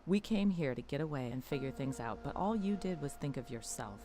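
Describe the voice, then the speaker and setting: A weary, bitter wife , voiced by a woman reading a game's letter aloud, speaks low and subdued. Her voice sits well below the reader's usual pitch and stays quiet. She sounds drained. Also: animated, fairly quick, soft background music.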